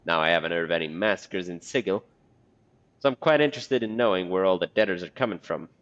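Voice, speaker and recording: A man's voice: deep voice, expressive, quick pace, fairly bright tone. A man voicing a blunt, secretive male corpse collector in a game, on a dull lo-fi recording. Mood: shady.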